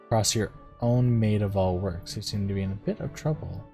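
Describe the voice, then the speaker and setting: A man's voice: lowish voice, fairly quick, warm tone, faint music behind. A man streaming a visual novel, reading its text aloud and musing casually about his choices. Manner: casual, musing aloud between read passages. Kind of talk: let's-play game reading and commentary.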